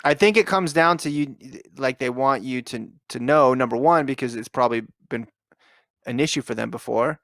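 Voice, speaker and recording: A man's voice: medium pitch, normal speed, a bit bright, dry recording. A man from Nevada co-hosts a podcast with a mid-range voice, teasing and insistently pressing his point. He talks in easy, casual banter. The sound is dry and close-miked. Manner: teasing, insistent, laughs often. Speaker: podcast co-host and commentator.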